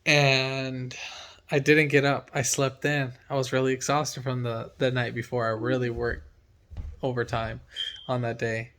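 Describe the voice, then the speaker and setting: A man's voice: mid-range voice, flat delivery, unhurried, a bit bright. A man who works as a mechanic from home, telling a story in casual chat and acting out his own reactions with energy.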